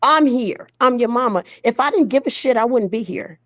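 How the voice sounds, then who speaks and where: A woman's voice: on the high side, animated, normal speed, fairly bright tone, no echo, dull audio. A woman speaking as a mother to her grown daughter, blunt and profane, pleading and scolding by turns. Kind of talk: emotional direct address.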